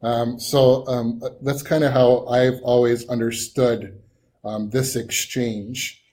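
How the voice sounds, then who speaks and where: A man's voice: mid-range voice, flat delivery, slow pace, mellow. A man leading a Bible study in a conversational teaching style, thinking aloud with frequent ums and restarts.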